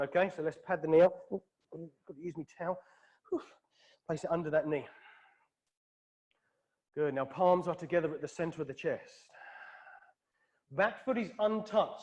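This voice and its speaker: A man with a British accent teaching a yoga class, calling out poses and breaths in a calm, steady rhythm. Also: a little high, lo-fi sound. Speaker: yoga instructor. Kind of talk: guided yoga class cues. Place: hot yoga studio.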